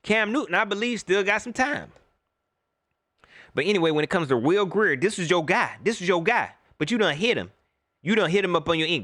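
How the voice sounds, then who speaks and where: A middle-aged man rants into his laptop mic during a livestream. His voice sits high and bright, and it leaps and drops as he gets worked up. The sound is dry and close. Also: brisk, no room sound. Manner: animated, rants, greets chat viewers by name. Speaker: host. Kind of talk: livestream sports rant.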